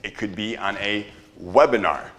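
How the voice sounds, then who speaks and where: Young man, workshop instructor: energetic, low-pitched, drills the audience with questions, some faint background noise. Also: moderate pace. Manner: energetic, quizzes the audience, swears casually. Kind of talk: live workshop teaching to an audience. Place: room with a live audience.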